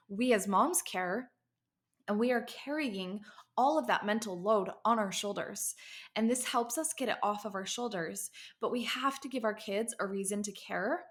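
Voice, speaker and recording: A woman in her thirties gives a casual pep talk to other parents, her voice sitting in an ordinary middle register. She tells her story in a chatty way, full of asides. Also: mid-range voice. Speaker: parenting podcast host.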